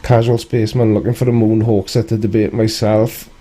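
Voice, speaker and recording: A British man hosting a relaxed live stream, his voice low and warm. He talks in a loose, chatty way, greeting viewers and answering their comments with a dry, wry edge. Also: brisk. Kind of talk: casual live-stream chat.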